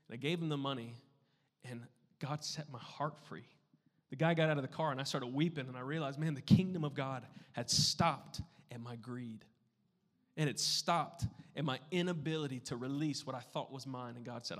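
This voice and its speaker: A man preaches in a church sanctuary, his mid-range voice trailing off into the long reverb of a large hall. He talks like a conversational pastor, tossing in playful asides, then dropping into hushed, earnest tones before building back to loud emphasis. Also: medium pitch, normal speed. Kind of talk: sermon.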